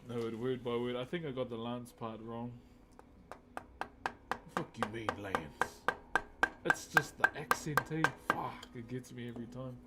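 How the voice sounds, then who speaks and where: A man's voice: medium pitch, steady tone, moderate pace, hardly any pauses, heavy background noise. Laid-back New man streaming. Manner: laid-back, laughs a lot, slangy. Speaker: live streamer. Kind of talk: casual live-stream chat.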